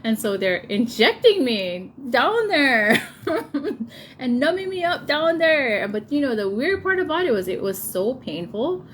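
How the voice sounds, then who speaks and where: A woman in her thirties casually telling a personal story, laughing often and getting animated when she quotes people. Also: high voice, measured pace, a little hiss or hum. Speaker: vlogger telling a birth story.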